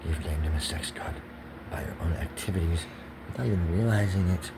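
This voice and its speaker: A man's voice: low voice, brisk, background noise. A man talking in a rambling, profane monologue, swinging from whispers to agitated pressured speech. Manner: rambling, drops to whispers then rises to agitated shouting.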